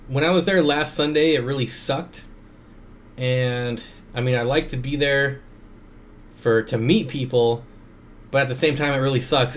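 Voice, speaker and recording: A man at his home computer hosts a relaxed livestream, talking to a desk microphone. His voice sits at an ordinary middle pitch, and he rambles with plenty of "uh"s and "um"s as he answers his chat. A faint hum of room noise stays under him. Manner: rambling, chatty, many fillers, reads chat aloud. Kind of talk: casual livestream Q&A.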